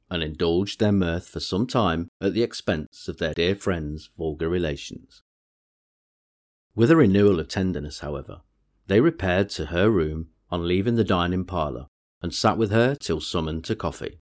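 A man narrating a classic novel aloud in a measured reading style. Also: deep voice, animated. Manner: measured reading with varied character voices. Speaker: audiobook narrator.

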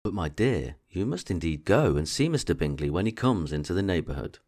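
A man reading aloud voices an excitable middle-aged mother, raising his pitch and pushing eagerly. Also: fairly quick, full character voice. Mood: eager, insistent. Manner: eager, insistent, raised pitch.

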